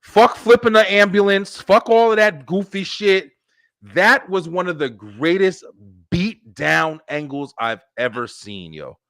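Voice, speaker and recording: A man hosting a casual wrestling podcast, talking in an excitable, profane, hyped-up way. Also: high voice, a little slow, no echo. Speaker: podcast host.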